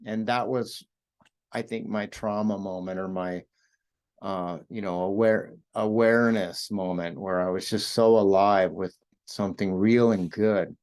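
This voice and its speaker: A man's voice: fairly low pitch, steady tone, measured pace, darkish tone. A middle-aged man in a podcast interview, telling his own story in an earnest, reflective way with frequent fillers and restarts. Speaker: podcast host and author sharing his recovery story.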